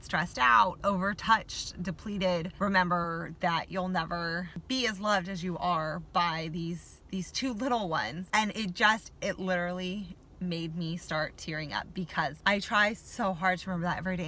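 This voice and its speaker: A woman's voice: mid-range voice, sharp tone, a little hiss or hum. A woman vlogging as a mom, chatting candidly to the camera at home and opening up about her feelings. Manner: open, confiding, talks about feelings. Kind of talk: candid vlog chat to camera. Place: family home.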